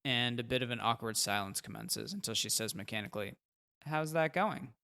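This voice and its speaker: A man's voice: lowish voice, steady tone, quick pace, gravelly, bright, forceful tone. A man reading a first-person fiction story aloud in a plain, conversational way. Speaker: narrator. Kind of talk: first-person audiobook narration.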